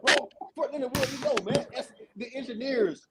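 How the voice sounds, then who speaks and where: A man hosting a casual veterans' podcast, telling army stories in a profane, animated way with lots of repeated fillers. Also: extremely high pitch, moderate pace, few pauses, over a noisy crowd, rough recording. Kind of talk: casual chat.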